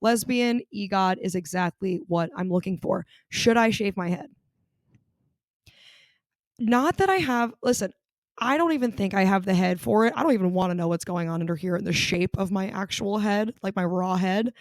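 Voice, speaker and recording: A young adult woman hosting her own podcast, chatting casually and gossiping with lively jumps in pitch. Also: moderate pace, no echo, studio quality. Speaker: podcast host. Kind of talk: casual solo podcast chat.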